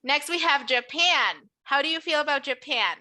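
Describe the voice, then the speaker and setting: High, bright-voiced woman teaching English. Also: lively intonation, normal speed. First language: Spanish. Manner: patient, enunciating, encouraging. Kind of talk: classroom pronunciation drill.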